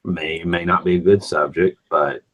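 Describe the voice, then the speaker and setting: A man's voice: sits low, steady tone, moderate pace, a bit bright, poor audio. A man hosting a casual morning chat show, asking rambling questions full of restarts.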